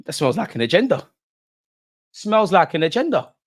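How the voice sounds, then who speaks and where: A young man calls a football match live for his viewers as an excitable, one-sided fan. His voice sits a little higher than most men's. He chats in loose street slang and talks straight to the people watching along. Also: moderate pace.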